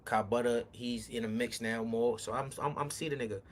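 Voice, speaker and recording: A man casually telling a street story, profane and animated, acting out arguments as he goes. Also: medium pitch, a little fast. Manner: animated, profane, acts out confrontations.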